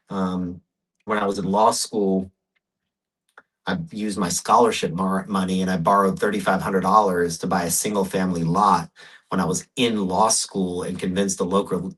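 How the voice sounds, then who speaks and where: Husky-voiced man telling stories emphatically. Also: low-pitched, a bit bright, low-quality recording. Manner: emphatic, storytelling. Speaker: podcast guest, real estate investor. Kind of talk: casual interview talk.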